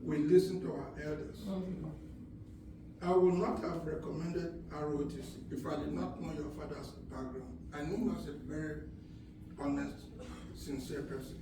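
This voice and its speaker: A man's voice: fairly high pitch, steady tone, moderate pace. An older man giving an earnest, fatherly wedding speech about honesty and tradition. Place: wedding reception hall. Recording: echoey hall from far off, background noise.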